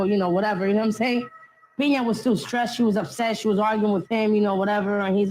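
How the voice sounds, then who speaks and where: A woman's voice: medium pitch, steady tone, fast, a little hiss or hum, rough recording. A woman, a documentary interviewee, recounting events in blunt, slangy street talk and acting out what others said. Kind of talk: casual recounting.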